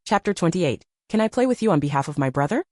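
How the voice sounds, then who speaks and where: A woman's voice: on the low side, animated, fast talker, darkish tone, dry recording, clean studio sound. A woman narrating a romance novel in a scripted storytelling manner.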